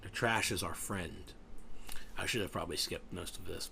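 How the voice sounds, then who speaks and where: A man's voice: low voice, normal speed, vocal fry, bright, forceful tone, a little hiss or hum. A tired, yawning man giving casual, rambling commentary over a game raid walkthrough, joking and trailing off as he tries to recall names. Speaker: gameplay guide commentator.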